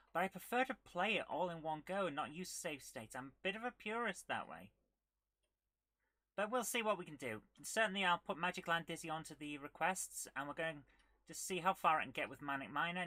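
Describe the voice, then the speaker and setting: Woman chatting on a gaming stream, bright tone, dry close sound, gets excited mid-play. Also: low-pitched, dry recording. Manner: chatty, reads viewer comments aloud, bursts of excitement while playing. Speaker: retro gaming streamer host. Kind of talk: casual live-stream chat while gaming.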